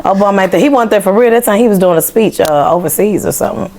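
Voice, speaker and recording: A young woman from the US South, a singer guest telling a story in a chatty, animated way. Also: mid-range voice, fast, slight background noise. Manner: animated, chatty, mimics voices while telling stories. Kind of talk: casual storytelling.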